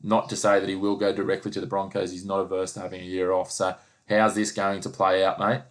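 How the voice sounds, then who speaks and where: A man's voice: deep voice, monotone, fast talker. A man hosting a casual sports chat, blunt and teasing, pushing his co-host for answers. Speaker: podcast host.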